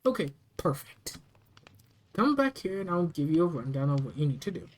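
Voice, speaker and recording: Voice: medium pitch, very animated, normal speed, a little mellow. A storyteller voicing a friendly female shop manager, speaking cheerily in a story reading. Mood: cheery.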